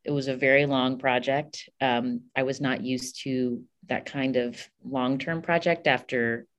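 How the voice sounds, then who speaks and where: A woman's voice: a bass voice, fairly even intonation, measured pace. A woman from West Virginia with a faint West Virginia accent, chatting casually as a podcast guest, with many "like" and "um" fillers. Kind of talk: casual interview chat.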